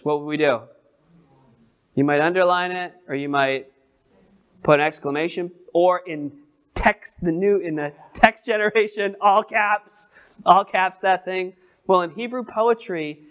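Male pastor, slightly higher voice, conversational Bible teacher, quizzes the room, stumbles over restarts. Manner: conversational, asks the group questions; halting restarts, many repeated words.

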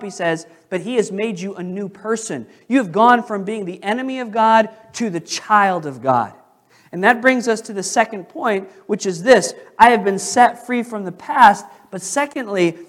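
A male pastor preaching a sermon in a church, questioning the congregation and slowing down to stress key phrases. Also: sits high, lively intonation, fairly bright tone. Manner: emphatic, slows down on key phrases. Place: church sanctuary.

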